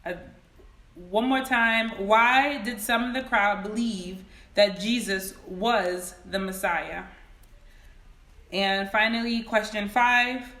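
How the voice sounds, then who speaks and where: A woman teaching Sunday school over a phone livestream. She speaks slowly with a bright, forceful tone and reads each question twice. The room around her sounds echoey. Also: mid-range voice, fairly even intonation. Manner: greets viewers by name, reads questions slowly and repeats them. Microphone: phone camera.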